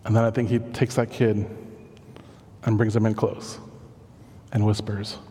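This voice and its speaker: A man preaching a sermon as animated storytelling, with self-deprecating asides. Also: lowish voice, normal speed, long reverb tail. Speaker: pastor.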